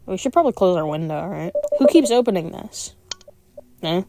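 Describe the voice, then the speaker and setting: A woman's voice: lowish voice, expressive, normal speed, dark tone. A woman reading a visual novel aloud as a gaming streamer, with wry, playful asides. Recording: game music playing behind.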